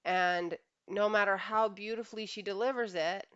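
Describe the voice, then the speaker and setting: A woman's voice: medium pitch, fairly even intonation, moderate pace, a bit bright, smooth, dry recording, muffled recording. A woman relationship coach giving an earnest reflective monologue, often sighing. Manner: earnest, with frequent sighs.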